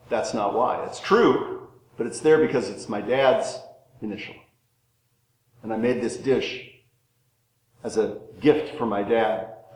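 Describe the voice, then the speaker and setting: A middle-aged male pastor preaching a sermon, swinging between loud rising questions and soft, low, drawn-out words with dramatic pauses. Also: roomy sound, poor audio.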